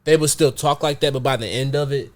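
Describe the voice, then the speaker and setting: A male podcast host talks in a mid-range voice, casual and reflective. He works through his ideas out loud, circling back with plenty of fillers as he explains. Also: mid-range voice, fairly even intonation, fast talker.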